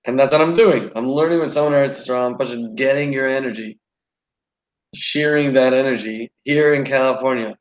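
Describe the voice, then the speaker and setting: A man leads an online study group from home, speaking at an average pitch with eager, rambling enthusiasm and plenty of fillers. His voice comes through a video call with muffled, dull audio. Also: brisk. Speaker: host of an online learning session. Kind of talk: casual group study chat. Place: at home in California.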